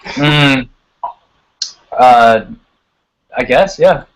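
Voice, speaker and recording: A man with a mid-pitched voice talks loosely on a live video call. He is laid-back and chatty, with casual cursing and frequent laughs. His voice comes through a computer mic. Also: drawn-out words, clear, resonant tone, low-quality recording. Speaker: singer, guest.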